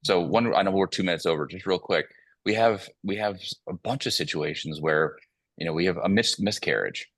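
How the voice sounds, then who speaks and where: A man's voice: low voice, fairly quick, dry recording. A man speaking as a company CEO guest, telling a long story in an earnest way with plenty of fillers. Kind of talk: casual panel talk, telling a story.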